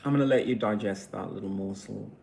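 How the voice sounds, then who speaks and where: A man delivering a heated, profanity-filled monologue rant as a vlogger, swinging between loud outbursts and quiet, emotional stretches. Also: lowish voice, quick pace, vocal fry, a little hiss or hum.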